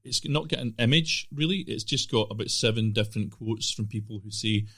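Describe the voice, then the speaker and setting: A man's voice: on the low side, fairly quick, fairly bright tone. A man hosting a podcast interview, talking casually and often stopping and restarting his sentences. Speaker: podcast host.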